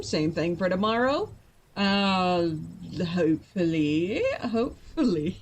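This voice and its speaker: Tired, chatty woman streamer. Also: a little high. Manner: chatty and playful, quick to laugh. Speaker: streamer and writer. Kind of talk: casual live-stream chat.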